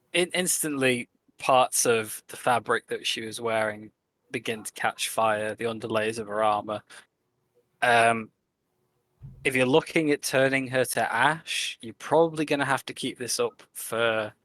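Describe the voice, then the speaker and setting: A man's voice: medium pitch, unhurried, long pauses, bright, forceful tone. A man narrating as game master, giving hesitant rulings with many fillers.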